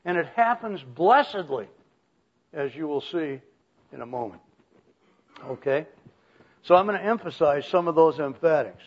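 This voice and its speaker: Older male pastor preaching, folksy and chuckling; pitched a touch high, dull lo-fi recording. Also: lively intonation, moderate pace, long pauses. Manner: folksy, chuckling, clears throat often. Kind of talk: sermon. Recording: muffled lo-fi recording.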